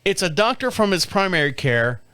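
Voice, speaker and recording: Very animated and brisk, this man in his fifties hosts a podcast with a voice that sits high, sharp yet smooth, in a dry recording. He's telling a story in a candid, casual manner, often swearing and laughing.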